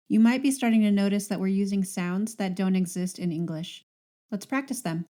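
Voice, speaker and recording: A woman's voice: mid-range voice, normal speed, mellow. A woman hosting a podcast language lesson, patiently modelling sounds and words for listeners to repeat.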